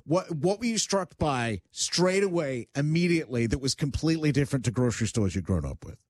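A man hosts a radio talk show, keeping the banter playful. His voice sits a little high and swings widely in pitch. The studio sound is dry and close. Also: brisk, no room sound. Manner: animated, teasing banter. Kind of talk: casual radio chat. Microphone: studio microphone.

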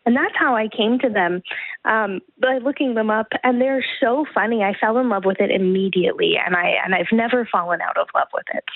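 A woman's voice: mid-range voice, fairly quick, no echo. A woman, a guest performer answering questions in a friendly, upbeat way in a live radio interview. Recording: tinny phone-like line.

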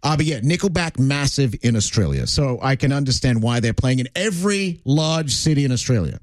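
A man's voice: medium pitch, fairly quick, no echo. A man hosting a radio show, chatting casually and telling stories with plenty of fillers. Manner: chatty, animated storytelling with frequent fillers. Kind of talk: casual on-air chat.

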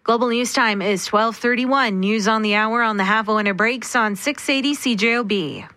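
Lady newscaster, crisp even delivery, kinda high and bright. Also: moderate pace, no room sound. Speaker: radio newscaster. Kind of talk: news bulletin reading. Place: radio studio.

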